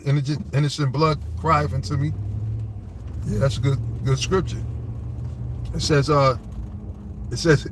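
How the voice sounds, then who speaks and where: A fiery preacher with a fairly high voice rails outdoors, with faint traffic behind him. He drags out scripture word by word, then climbs higher and louder as his anger builds, swearing and checking in with "all right?". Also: fairly even intonation. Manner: fervent, profane, rambling, keeps asking "all right?"; reads scripture slowly, then rises in pitch when agitated. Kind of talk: fiery street-style scripture commentary.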